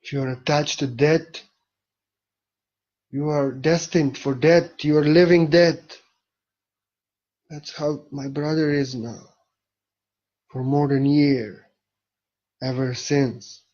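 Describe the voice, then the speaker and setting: Man, spiritual speaker: very slow, soft and reflective delivery with pauses, dull lo-fi recording. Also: on the high side, fairly even intonation. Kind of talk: spiritual talk.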